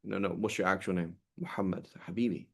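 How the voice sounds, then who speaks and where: A man's voice: sits low, fairly even intonation, fast talker, creaky, fairly bright tone, slightly rough, full character voice. A man voicing a tearful drunk young man in a story told during a lesson.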